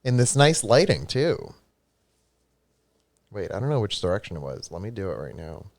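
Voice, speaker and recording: A man co-hosting a live stream, talking in an animated, exclaiming way. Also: on the low side, normal speed. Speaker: podcast co-host. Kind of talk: casual live-stream chat.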